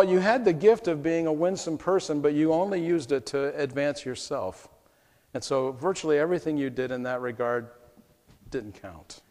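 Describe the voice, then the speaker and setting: A male pastor preaching an emotional first-person story, heartfelt, going from hushed to exclaiming, in a church sanctuary. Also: on the high side. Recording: long hall reverb.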